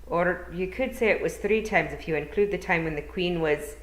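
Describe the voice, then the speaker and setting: A woman's voice: fairly low pitch, moderate pace, close to an everyday voice. A woman voicing an earnest, fussy male pixie bard. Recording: roomy echo.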